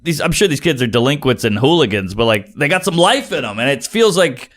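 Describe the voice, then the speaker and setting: A middle-aged man from New Orleans, a comedian co-hosting a casual podcast, telling stories with lively acted-out quotes and shouts. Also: medium pitch, fairly quick. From New Orleans, USA. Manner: animated storyteller, acts out shouts and quotes.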